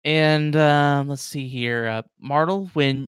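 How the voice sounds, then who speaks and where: A man's voice: fairly high pitch, fairly even intonation, slow, clear, resonant tone, dry recording, clean studio sound. A man narrating as game master in a casual tabletop session, playful and full of fillers.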